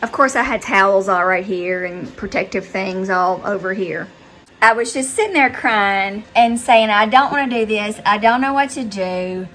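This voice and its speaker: A middle-aged woman from the Southern US with a Southern accent, chatting to viewers as she tells a story in her vlog, animated and talkative. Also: medium pitch, moderate pace, poor audio. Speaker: vlogger. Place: her house, indoors and out.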